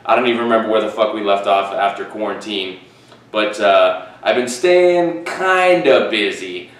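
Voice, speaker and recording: A man's voice: lowish voice, fairly bright tone, heavy reverb, distant mic, low-quality recording. A man hosting a casual solo podcast in his living room. He rambles, swears freely and corrects himself as he goes. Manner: profane, rambling, self-correcting. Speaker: podcast host. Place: living room with fish tank and fan. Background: fish tank, fan, dogs outside.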